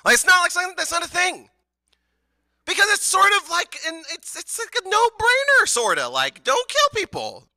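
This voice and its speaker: A woman's voice: very high voice, sing-song, moderate pace, pushed and bright, dry recording. A woman preaching a sermon in a casual, conversational way, with joking asides and filler words.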